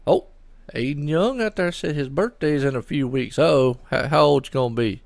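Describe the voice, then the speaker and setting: Man, middle-aged, rough gravelly voice, rambling chatty race commentary. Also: on the high side, normal speed, no echo. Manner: chatty, rambling, talks to chat viewers. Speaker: sim racing commentator. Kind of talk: solo live race commentary.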